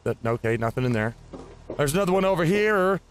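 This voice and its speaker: Gaming host, man, slightly high voice, chatty and rambling as he plays, faint background hiss. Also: lively intonation, a little fast. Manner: rambling, chats to enemies. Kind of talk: casual game commentary.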